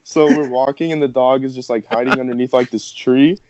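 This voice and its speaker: A man's voice: mid-range voice, fairly even intonation, a little fast, noisy background. Rambling young man telling a story. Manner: rambling, filler-heavy, laughing through the story. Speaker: podcast host. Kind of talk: casual storytelling. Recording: dull, dry podcast audio.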